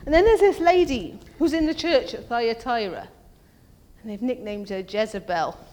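A woman's voice: animated, moderate pace, dark tone. A woman preaching a conversational sermon, asking her congregation questions and acting out quoted voices. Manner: acts out quoted voices in a higher pitch. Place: church. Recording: long reverb of a church hall.

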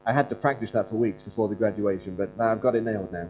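A man's voice: fairly low pitch, quick pace, faint music behind. A man preaching in a conversational, earnest storytelling way, with some fillers and restarts. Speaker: pastor and Bible school leader. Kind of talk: conversational sermon. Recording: dull lo-fi recording with mains hum.

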